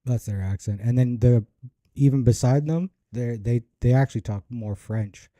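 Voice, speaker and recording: A Canadian man with a soft Ontario accent, rambling casually as he reacts to clips and searches for words. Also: medium pitch, moderate pace, no echo. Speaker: reaction video host.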